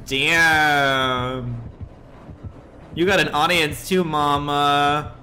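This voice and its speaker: A man live-streaming a video game, excitable and swearing often as he reacts loudly to play and talks back to chat. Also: on the high side, extremely slow, slight background noise.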